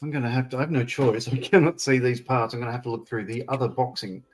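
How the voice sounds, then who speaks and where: A man co-hosting a model-building stream, chatting casually with relaxed, amused asides. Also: mid-range voice, fast, soft background music.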